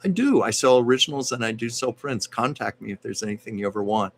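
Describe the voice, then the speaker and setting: A man hosting a casual live stream and giving card readings, talking in a measured, reassuring way with frequent hesitations. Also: mid-range voice, a little hiss or hum.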